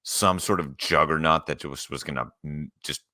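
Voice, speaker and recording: A man hosting a sports podcast in casual chat, laid-back, running through lists with quick quips. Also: a bass voice, steady tone, sharp tone, no room sound, studio quality. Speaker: podcast host.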